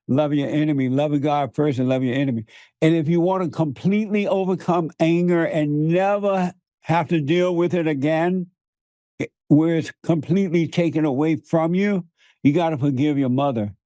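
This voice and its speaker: A man with a rather high but mellow voice preaches in conversation, piling up repeated words for emphasis and chuckling between points. The sound is dry and close. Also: dry recording. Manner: laughs often between points. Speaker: guest.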